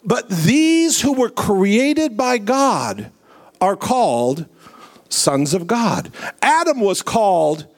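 Slow, lively-pitched man preaching. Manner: preaching with slow drawn-out phrasing and big swings in pitch. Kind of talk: sermon.

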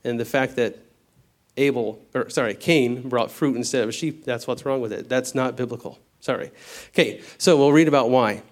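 A man of middle pitch delivers a Bible teaching sermon in a casual, conversational way. He checks in with his listeners often and slows down to spell out word meanings before hurrying through his asides. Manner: conversational, peppered with "okay?" checks. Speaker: preacher.

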